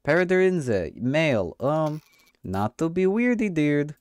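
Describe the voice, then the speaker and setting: A man's voice: on the high side, big pitch swings, a little slow, a little mellow, clear, resonant tone, dry recording. A man streaming a game, joking in a mock-official inspector voice with a put-on accent and swearing. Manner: puts on a mock foreign accent. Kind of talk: comedic let's play commentary.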